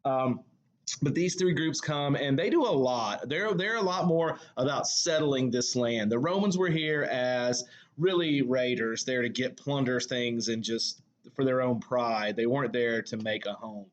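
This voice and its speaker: A man's voice: mid-range voice, a little slow, muffled recording. A male English teacher with a Southern US accent giving a recorded lecture. He talks in a conversational way, full of fillers and self-corrections. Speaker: high school English teacher.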